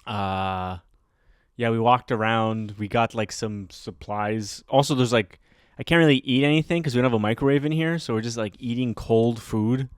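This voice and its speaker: A man's voice: mid-range voice, normal speed, clean tone, dry recording, studio quality. A man from Canada co-hosting a podcast, telling stories in a rambling, hesitant way full of fillers. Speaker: podcast co-host. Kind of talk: casual chat.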